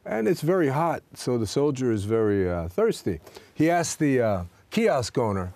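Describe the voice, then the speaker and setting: A man co-hosting a casual talk show, telling jokes and anecdotes with an animated delivery. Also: medium pitch, moderate pace, dry recording. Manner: animated storyteller. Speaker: co-host. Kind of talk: casual chat.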